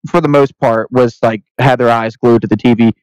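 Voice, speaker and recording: A man's voice: mid-range voice, fairly even intonation, brisk, darkish tone, smooth, no room sound, poor audio. A young man co-hosting a podcast, chatting casually, rambling with lots of restarts and swearing. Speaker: podcast co-host. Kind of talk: casual chat.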